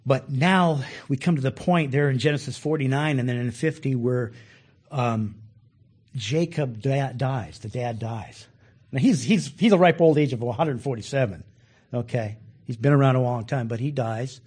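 A man teaching a Bible study in a folksy, animated way, acting out the quoted lines with extra force. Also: mid-range voice, normal speed, husky.

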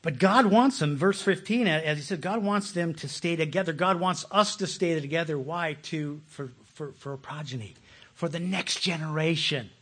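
Husky preacher man, passionate sermon. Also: fairly high pitch, moderate pace. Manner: passionate, swinging between loud pleas and hushed asides. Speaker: pastor.

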